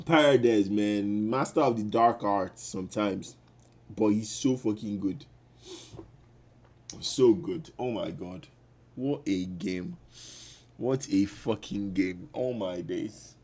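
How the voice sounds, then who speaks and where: A man reacting to a football match as a fan, loud and trash-talking, with bursts of shouting. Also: fairly low pitch, slow pace, pauses often.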